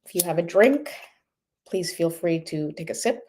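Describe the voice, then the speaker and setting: A woman with a somewhat low, slightly mellow voice speaks animatedly at a normal pace. She hosts a live oracle card show, rambling casually and earnestly, even tearfully, in livestream chat before guiding viewers through a breathing exercise.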